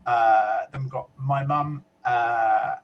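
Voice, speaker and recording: A man's voice: mid-range voice, fairly even intonation, takes it slowly, dull audio. A man from the UK co-hosting a casual web chat show, reading out viewer comments in a chatty way with fillers and small asides.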